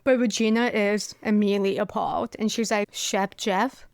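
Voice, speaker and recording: A woman's voice: medium pitch, fairly even intonation, brisk, creaky, darkish tone, smooth, no room sound. A young woman co-hosting a podcast, chiming in wryly during a casual recap chat. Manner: wry, chiming in with short reactions. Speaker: podcast co-host.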